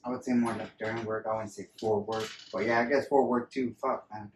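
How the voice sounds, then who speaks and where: A male podcast co-host with a lowish, steady voice talks briskly in casual chat, swearing a lot and rambling through stories. He sits away from the mic in a roomy space, with faint background noise.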